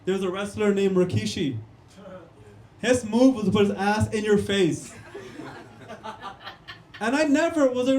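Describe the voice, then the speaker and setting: A man's voice: high voice, measured pace, long pauses, darkish tone, a little hiss or hum. A young man, doing a punchy stand-up comedy set on a club stage and talking straight to the crowd. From Canada. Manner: punchy, keeps calling the crowd "guys" and "man". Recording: echoey room.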